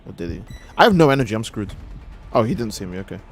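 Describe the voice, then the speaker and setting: A man's voice: fairly low pitch, very animated, fast talker, creaky. Young man, game streamer, casual joking commentary, swears a lot, faint music behind. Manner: rambling, profane, joking. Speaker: gaming streamer.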